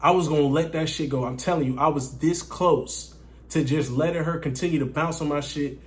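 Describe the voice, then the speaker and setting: Male vlogger with a higher voice, animated and profane, talks straight to his viewers. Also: a little fast. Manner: profane, animated, keeps addressing viewers as guys. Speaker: dating coach vlogger. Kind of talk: casual storytelling.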